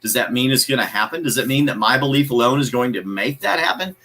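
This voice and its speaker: Emphatic man with a bright voice. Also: medium pitch, animated, quick pace, low-quality recording. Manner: emphatic, preachy, repeats key phrases; greets viewers' comments by name. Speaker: motivational show host. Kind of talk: live motivational talk.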